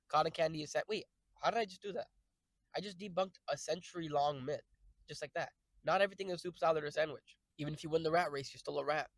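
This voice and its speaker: A young man with a notably high voice rambles through a casual stream, jumping between jokey, profane tangents and breaking into sudden loud outbursts. His voice is recorded dry and close, with no room sound. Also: dry recording, low-quality recording.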